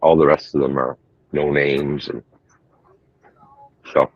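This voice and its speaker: A man on a group voice call speaking in a halting, matter-of-fact way. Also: a bass voice, little pitch movement, breathy edge, no room sound, lo-fi sound.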